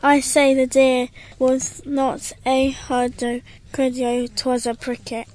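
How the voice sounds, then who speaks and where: A woman playing a slow, stubborn, dim-witted male constable on stage. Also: high-pitched, completely flat delivery, a little mellow, rough recording. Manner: stubborn, plodding. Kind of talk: stage acting in verse.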